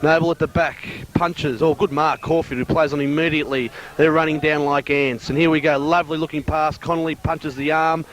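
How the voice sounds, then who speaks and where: Man, football play-by-play caller, brisk, fairly high voice, faint outdoor noise. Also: fairly even intonation, a bit bright. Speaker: football commentator. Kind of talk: amateur play-by-play commentary.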